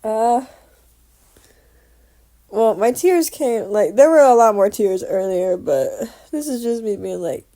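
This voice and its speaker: Young adult woman, vlogger, a touch high-pitched, loose chatty rambling with casual swearing. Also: expressive, slow, long pauses, dark tone. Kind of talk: casual daily vlog.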